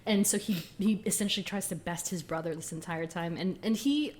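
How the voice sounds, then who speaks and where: A woman co-hosting a podcast in casual chat, chatty and quick to laugh as she runs through details. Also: lowish voice, a little mellow, slight background noise. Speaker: podcast co-host.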